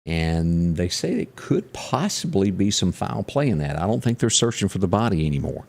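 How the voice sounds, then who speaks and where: A man's voice: deep voice, big pitch swings, normal speed, creaky, darkish tone. A man with a Southern US accent co-hosting a morning show, chatting casually and reading local ads in a folksy way.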